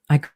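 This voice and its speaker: A woman author with a warm tone dictates her novel aloud, slow and deliberate, saying punctuation marks and edit commands between phrases.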